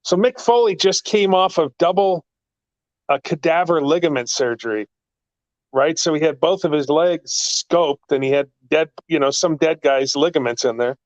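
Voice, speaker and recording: A man telling wrestling stories in a casual chat, excitable and rambling, his pitch jumping up in the story. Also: moderate pace, no room sound, dull audio. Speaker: guest, actor and former wrestling manager.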